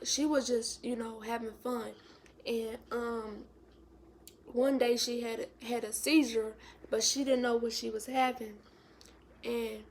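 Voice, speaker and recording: A young woman vlogger tells a sad story, her voice a little high and darkish, with slight hiss or hum in the recording. She is emotional and tearful, close to crying, often dropping to a whisper.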